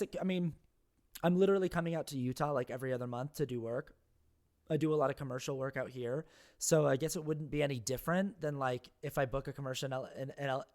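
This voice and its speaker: A man in a relaxed remote interview, speaking from a house. His delivery is loose and meandering, with frequent restarts and fillers as he spins anecdotes. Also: medium pitch. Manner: rambling, filler-heavy storytelling. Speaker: interview guest, actor and content creator. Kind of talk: casual conversational interview. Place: at home, his brother's house.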